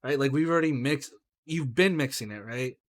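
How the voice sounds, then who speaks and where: A man's voice: medium pitch, moderate pace. A man co-hosting a casual podcast, talking heatedly and asking "right?" over and over. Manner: heated, animated, swears, says "right?" and "bro". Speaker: podcast co-host. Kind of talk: casual chat.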